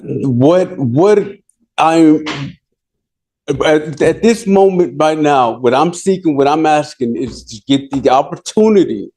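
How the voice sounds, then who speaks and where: A man speaking as a defendant in a courtroom, pleading his case in halting, rambling sentences full of restarts. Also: a little high, expressive, darkish tone.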